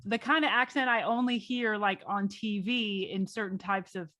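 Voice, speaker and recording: A woman's voice: mid-range voice, normal speed, no echo. A woman hosts a casual podcast, spinning work anecdotes with lots of animation and little acted-out asides. Her voice sits in a middle register for a woman. The sound is dry and close, with no room around it. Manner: animated storyteller, acts out her own reactions. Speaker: podcast host. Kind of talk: casual chat.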